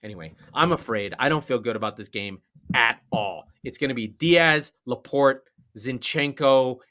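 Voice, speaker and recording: A man co-hosting a podcast, chatting casually about soccer, getting excited and swearing when worked up. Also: medium pitch, moderate pace. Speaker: podcast co-host. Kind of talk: casual sports chat.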